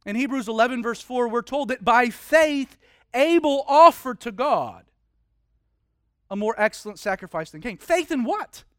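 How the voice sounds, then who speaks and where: A man's voice: very high voice, expressive, moderate pace, a bit bright, clean tone, no echo, studio quality. A man preaching a sermon, telling a story vividly and dramatically with frequent restarts.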